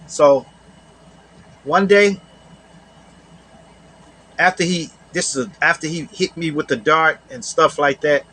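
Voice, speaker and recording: A man's voice: a little high, takes it slowly, long pauses, a bit bright, slightly rough. A man casually telling a personal story to camera. He often repeats his phrases and adds "you know.".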